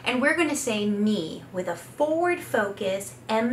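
Slow-talking woman leading vocal exercises. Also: medium pitch, big pitch swings, heavy background noise. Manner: slow, patient instruction with sung demonstration notes. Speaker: speech pathologist and voice teacher. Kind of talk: guided vocal exercise lesson. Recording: echoey room, voice a bit far from the mic.

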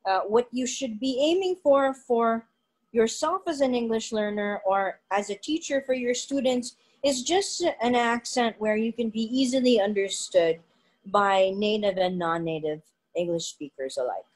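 A woman co-hosting a vlog for English teachers, talking in a relaxed, conversational way and repeating words as she thinks. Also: fairly high pitch, unhurried, low-quality recording. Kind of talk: casual panel discussion.

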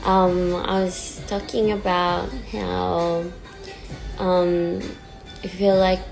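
Woman, 20s, livestream chat, low-ish voice, slow and hesitant, nervous, faint music behind. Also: little pitch movement, creaky, a little mellow, poor audio. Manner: halting and hesitant, self-deprecating, many fillers. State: nervous and near tears. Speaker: pop singer on a livestream. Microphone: phone. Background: sad song playing faintly.

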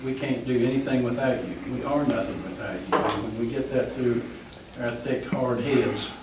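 A man's voice: medium pitch, normal speed. A man leading a prayer group, praying earnestly and steadily. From Northern US. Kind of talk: spoken prayer. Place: church meeting room. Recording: very echoey room, far from mic, faint hiss.

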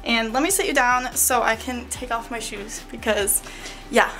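A young woman rambles cheerfully to her camera in her bedroom, her voice sitting a little high. She is slightly out of breath and full of fillers and laughs, with faint music underneath. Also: moderate pace, pushed and bright. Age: young adult. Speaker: vlogger. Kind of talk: chatty vlog.

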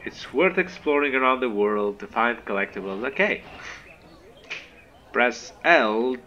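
A man hosting a gaming video, giving excitable, animated let's play commentary to his viewers. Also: mid-range voice, measured pace, lo-fi sound, background noise.

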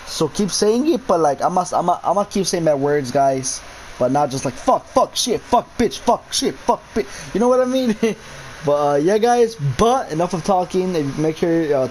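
A man's voice: a little high, a little mellow, a little hiss or hum, rough recording. A young man commentating a horror game for his channel, talking in casual slang, cursing constantly and shrieking when scared. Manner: casual slang, addresses viewers as bro and guys. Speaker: gaming YouTuber.

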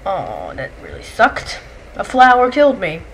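A woman giving casual gameplay commentary, excitable and chatty, yelling and shrieking when monsters attack and chatting to the creatures. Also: mid-range voice, unhurried, gravelly, a little hiss or hum. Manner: excitable, shrieks and yells at enemies; chatty, talks to game creatures. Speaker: let's play gamer.

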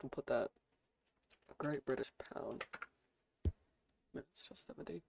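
Slow-talking, low-voiced young American woman streamer. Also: gravelly. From United States. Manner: swears freely, reacts out loud while browsing. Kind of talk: casual stream chat.

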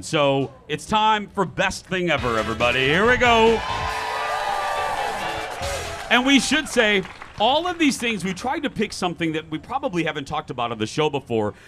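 A man hosting a talk show outdoors at a fair, telling stories in a lively, joking way. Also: fairly high pitch. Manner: lively, jokey storytelling. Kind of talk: casual chat.

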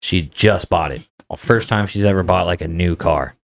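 Podcast host, male, very low voice, laid-back swearing storyteller. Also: moderate pace, vocal fry. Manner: profane, laid-back anecdote telling. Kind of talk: casual storytelling.

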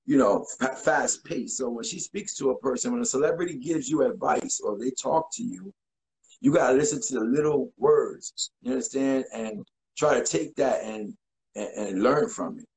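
A man in his forties, a guest in a casual interview, telling stories in an animated way and acting out quotes. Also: medium pitch, moderate pace, slight background noise, low-quality recording. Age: 40s. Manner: animated, acts out voices and quotes.

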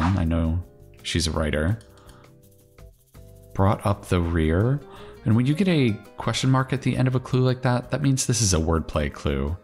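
A man casually thinking aloud as he solves a crossword, musing and correcting himself with chatty asides. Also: deep voice.

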